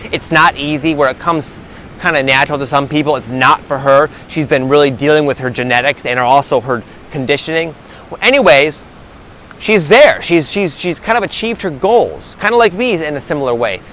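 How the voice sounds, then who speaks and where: A man's voice: fairly high pitch, a bit bright, slight background noise. A man talking as a spiritual coach in a casual vlog monologue, rambling with many restarts and filler words.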